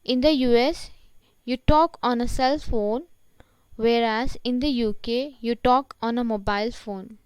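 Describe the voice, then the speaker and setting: Woman teaching vocabulary, smooth voice. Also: fairly high pitch, darkish tone, dry recording, poor audio. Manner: deliberate, explains each word in short phrases. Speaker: English teacher. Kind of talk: classroom-style vocabulary lesson.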